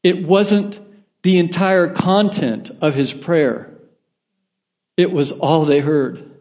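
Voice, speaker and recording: A man's voice: fairly high pitch, fairly even intonation, takes it slowly, a little mellow, dull audio. A man preaching a sermon in an earnest manner that builds to impassioned intensity. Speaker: pastor.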